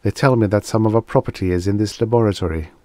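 A man voicing a calm, polite alien envoy who speaks softly with a lisp, in a formal, measured way. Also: on the low side, no room sound, close to an everyday voice. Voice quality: soft lisp.

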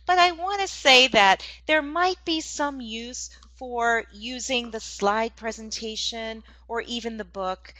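A woman's voice: mid-range voice, pushed and bright, no room sound, low-quality recording. A woman demonstrating online teaching ideas for English teachers, explaining in an encouraging tone.

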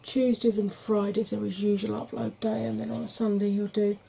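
A Welsh woman chatting frankly in a soft-spoken ASMR vlog, rambling with fillers. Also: medium pitch, level tone, a little fast, gravelly, slight background noise. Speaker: ASMR vlogger.

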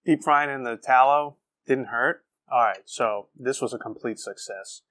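A man's voice: mid-range voice, measured pace, a bit bright, no echo. An enthusiastic man hosting a casual barbecue cooking vlog, exclaiming and talking to his viewers. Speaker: BBQ cooking show host.

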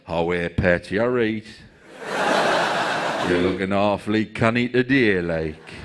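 A comedian playing an unhurried, chatty mission controller with a Geordie accent. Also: male voice, deep voice, pitched below the performer's own voice. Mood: easygoing. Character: laid-back Geordie mission controller, man. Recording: live show with very loud background noise.

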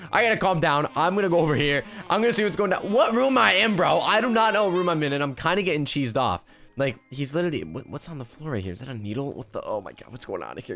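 Excitable young man with lively pitch. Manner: excitable, joking, rambling with repeated restarts. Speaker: gaming YouTuber. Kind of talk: casual gameplay commentary.

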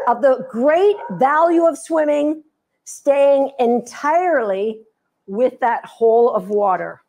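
A woman dog trainer giving an instructional talk, animated and playful as she tells stories. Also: sits high, takes it slowly.

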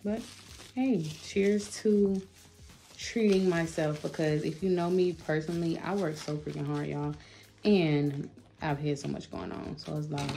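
A woman's voice: low voice, fairly even intonation, takes it slowly, creaky, background noise. A woman, chatting casually to her viewers in a home vlog, full of fillers and asides. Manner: chatty, addresses viewers as y'all, lots of fillers. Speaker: vlogger. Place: home office.

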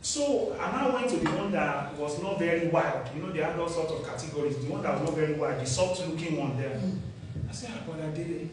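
A middle-aged man, a pastor with an Ekiti Yoruba accent, preaching a sermon that swings between quiet storytelling and loud, emphatic declarations. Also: on the high side, animated, a little fast, a crowd in the background. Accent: Nigerian English, Ekiti Yoruba. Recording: echoey hall, distant mic, faint ambience.

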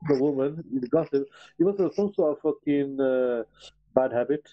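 A man's voice: mid-range voice, normal speed, no room sound. A man hosting a live stream, joking around crudely and swearing often, with a teasing, repetitive way of talking. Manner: swears freely, teasing, repeats "you know what I mean". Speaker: stream host. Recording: dull lo-fi stream audio.

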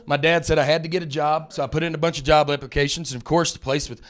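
A man in his thirties with a thick Alabama drawl works through a stand-up set, rambling and poking fun at himself. His voice sits a little high for a man. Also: steady tone. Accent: Southern US, Alabama. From North Alabama. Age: 30s. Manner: drawling, rambling, self-mocking storyteller who puts on quick character voices. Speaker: stand-up comedian.

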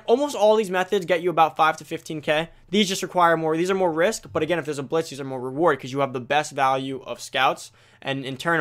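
Teen boy video host, rattles through tips at top speed, slightly high voice. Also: a bit bright. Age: teens. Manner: rapid, self-correcting, talks straight to viewers. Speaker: gaming video creator. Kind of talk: fast casual game commentary.

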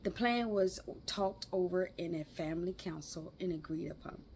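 A woman reading a classic novel aloud, unhurried, with chatty exclaiming asides between chapters. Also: fairly low pitch, a little mellow, slight background noise. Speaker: book reader.

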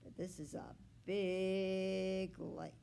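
A woman, a children's librarian, reading a children's book aloud in an expressive, unhurried way. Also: medium pitch, vocal fry, smooth.

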